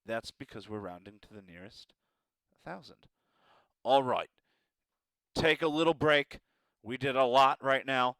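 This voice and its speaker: A man's voice: mid-range voice, measured pace, long pauses, a bit bright, smooth, no room sound. A man teaching a math lesson, encouraging and playful with joking asides.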